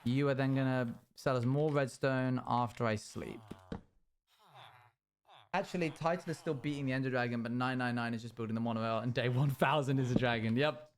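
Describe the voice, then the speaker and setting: A man's voice: medium pitch, fairly even intonation, fairly quick. A young man streaming a game, chatting casually and playfully with his viewers and laughing often. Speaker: livestreamer. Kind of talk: casual gaming stream chat.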